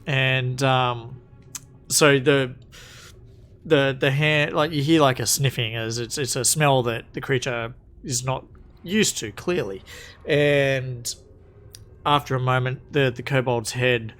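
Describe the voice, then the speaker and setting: A man's voice: medium pitch, steady tone, takes it slowly, fairly bright tone. A man narrating a tabletop game as game master, in a casual way with frequent restarts. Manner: casual, many restarts and fillers.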